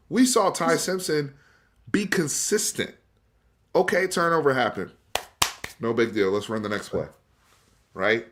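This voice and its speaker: Speaking directly to his viewers, a male host keeps a casual sports debate going on a live stream with emphatic, conversational energy. His voice is medium in pitch and fairly bright, and he repeats and restarts words as he gets worked up.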